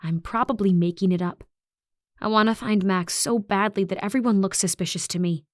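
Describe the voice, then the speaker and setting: A woman narrating a young adult horror audiobook in the first person, with an even, reflective delivery. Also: medium pitch, fairly quick, no echo, clean studio sound.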